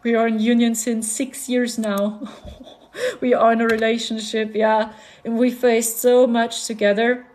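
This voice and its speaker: A woman's voice: fairly high pitch, little pitch movement, measured pace, a little mellow. A woman chatting on a live stream, laughing often and repeating herself as she talks. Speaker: spiritual vlogger. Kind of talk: casual live-stream chat.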